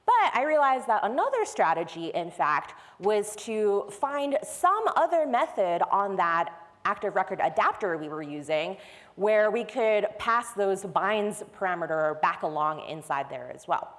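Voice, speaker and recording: A woman's voice: mid-range voice, big pitch swings, unhurried, fairly bright tone. Woman giving a conference talk, chatty and explaining things step by step, big echoey hall. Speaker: conference speaker. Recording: long hall reverb.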